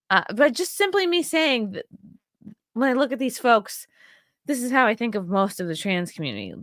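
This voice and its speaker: A woman's voice: medium pitch, very animated, moderate pace, fairly bright tone, no room sound, studio quality. A woman hosting her own show, giving blunt, profane and rambling commentary on video clips with a sarcastic edge. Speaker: host.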